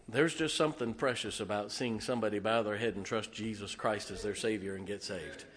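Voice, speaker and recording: A man's voice: lowish voice, a bit bright. A middle-aged man, a pastor giving a folksy sermon full of jokes and heartfelt asides. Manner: folksy, joking, emotional asides, frequent uh fillers. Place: church sanctuary.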